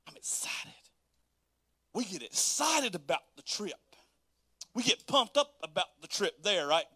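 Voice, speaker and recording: A pastor delivering a sermon in a high, forceful voice. He talks in a folksy, casual way, full of asides. He acts out everyday moments with animated energy, and the sound is dry and close. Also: moderate pace, slightly rough, no room sound.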